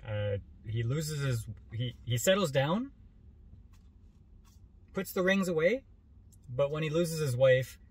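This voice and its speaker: A man co-hosting a movie review chat, speaking in a laid-back, halting way with many restarts. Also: mid-range voice, a little mellow.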